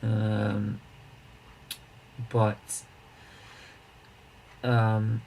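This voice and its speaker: A man's voice: lowish voice, monotone, extremely slow, creaky, darkish tone, slight background noise, poor audio. A man hosting a charity live stream, chatting casually with viewers, rambling and restarting his sentences as he greets people and banters.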